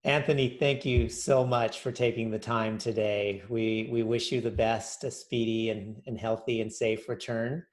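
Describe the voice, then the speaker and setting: A man's voice: on the low side, steady tone, normal speed, few pauses. A man hosting an interview over a video call, asking questions and closing politely. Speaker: host, interviewer.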